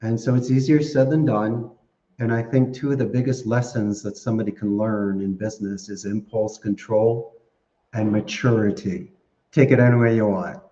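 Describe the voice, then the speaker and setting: Podcast guest: low-voiced man, chatty storyteller, roomy dull lo-fi sound. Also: moderate pace. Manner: chatty, laughs often, animated storytelling. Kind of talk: casual interview answers.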